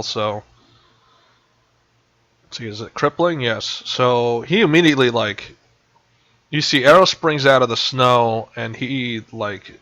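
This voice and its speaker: Male game master, bright, dry sound, rambles with fillers, dull voice-chat line. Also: medium pitch, dry recording. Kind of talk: narrating a tabletop game. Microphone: voice chat headset.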